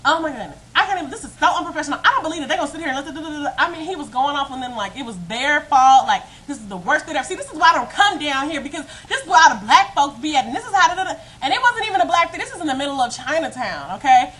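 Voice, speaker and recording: A woman vlogger telling a story to her webcam in a casual, animated and emphatic way. She often breaks into laughter and speaks straight to her viewers. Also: high-pitched, very fast, hardly any pauses, poor audio. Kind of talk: casual storytime monologue to camera.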